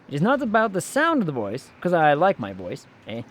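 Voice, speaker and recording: A man's voice: fairly high pitch, huge pitch swings, brisk. A man streaming a video game, chatting casually in a playful, jokey way. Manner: playful and jokey, slips into silly voices. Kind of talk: casual gameplay commentary.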